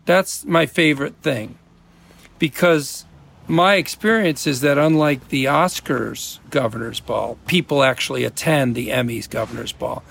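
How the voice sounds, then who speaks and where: A man's voice: mid-range voice, measured pace, gravelly, fairly bright tone, a little hiss or hum. A man from the American Midwest, an actor guest in a casual interview, rambling and restarting his sentences with amusement.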